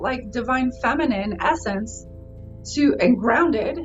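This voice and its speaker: A young woman reading oracle cards in a casual chat, enthusiastic and quick to exclaim. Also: mid-range voice, lo-fi sound, soft background music. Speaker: co-host, card reader.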